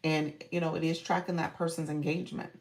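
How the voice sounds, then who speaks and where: Woman, live-stream coach, low and gravelly, chatty, greets viewers by name. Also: level tone, fast, darkish tone. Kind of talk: casual live-stream chat.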